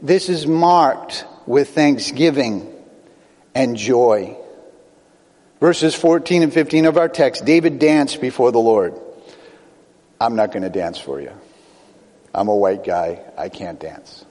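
An older man preaching a sermon as pastor, earnest, with quick bursts and slow emphatic phrases. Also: mid-range voice, a little mellow, long reverb tail.

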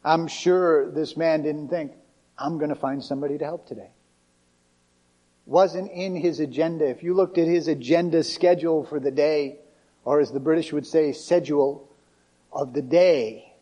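A male pastor delivers a sermon in a conversational yet emphatic style. His voice sits a little higher than most men's, and he drives home his points with plain, direct phrasing. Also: normal speed, warm tone, muffled recording.

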